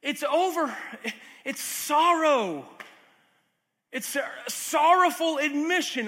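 Preaching in an expressive, slow manner, a pastor speaks in a very high, bright, sharp voice. His sermon is earnest yet conversational, broken up by asides and little jokes, and it echoes with long reverb from the church hall.

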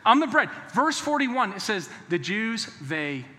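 A pastor preaching a sermon in a church, emphatic and conversational, sometimes dropping to a hushed, earnest tone. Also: male voice, high voice, very animated, measured pace, slight background noise. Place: church sanctuary. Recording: long hall reverb.

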